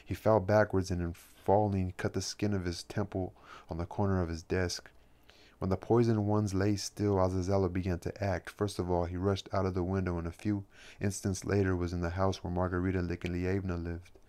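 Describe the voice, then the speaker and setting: Very deep, flat-voiced male reader. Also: moderate pace. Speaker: audiobook reader. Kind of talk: reading a novel aloud.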